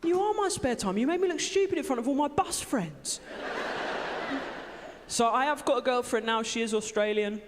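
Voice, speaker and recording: A woman's voice: a little high, normal speed, noisy background. A woman with an English accent performing a stand-up set with a dry, wry delivery. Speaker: stand-up comedian. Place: comedy theatre stage. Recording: live hall with crowd laughter.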